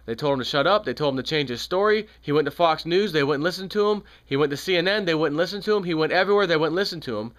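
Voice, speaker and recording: A man's voice: a little high, lively intonation, quick pace, few pauses, a bit bright. A man giving an angry, sarcastic political commentary on his own channel, repeating points with rising heat. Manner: heated, sarcastic, repetitive. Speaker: video commentator.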